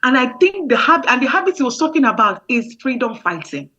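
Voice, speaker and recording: High-pitched woman giving an impassioned talk, muffled lo-fi call audio. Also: big pitch swings, fairly quick, sharp tone. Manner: impassioned, repeats words when stirred. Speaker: speaker. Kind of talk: motivational talk. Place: remote link.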